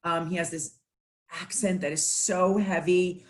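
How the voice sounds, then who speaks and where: An animated panelist tells a story over a video call. The voice is gushing and full of praise, and the delivery stays casual. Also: mid-range voice, a little slow.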